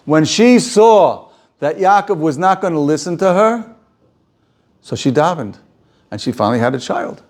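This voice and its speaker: A man teaching an informal Torah class as a rabbi, animated, often repeating words and restarting sentences. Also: medium pitch.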